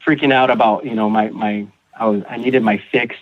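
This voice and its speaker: A man guest on a recovery podcast, telling his personal story in a halting way, repeating words and acting out what others said. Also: lowish voice, fairly even intonation. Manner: halting, repeats words, acts out quoted voices. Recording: tinny phone-like audio.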